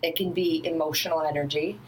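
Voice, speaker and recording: A woman yoga and Pilates instructor chatting casually in an animated, rambling way, laughing often. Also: low-pitched, a little fast, slight background noise, rough recording. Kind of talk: casual chat.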